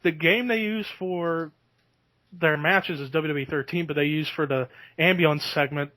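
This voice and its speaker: A man hosts a podcast in casual chat, chatty and quick to laugh. His voice sits a little high for a man and the sound is dry and close. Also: pushed and bright, dry recording. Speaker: podcast host.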